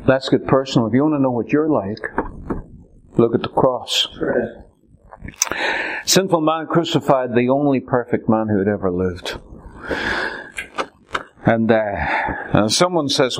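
A man preaching a sermon, swinging from loud cries to hushed whispers. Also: medium pitch, a little slow, pauses often.

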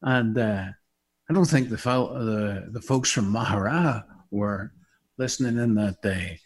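A man's voice: lowish voice, unhurried, husky. A middle-aged man from Northern Ireland with a Northern Irish accent, preaching a sermon and praying to listeners in an emphatic, heartfelt way. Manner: emphatic and heartfelt, rising and falling. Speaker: pastor.

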